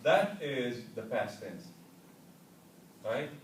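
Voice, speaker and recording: A man's voice: mid-range voice, very animated, extremely slow, slight background noise. A man teaching a language class, drilling students to repeat after him and checking with "right?" and "understood?". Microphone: far camera. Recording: roomy, distant classroom recording.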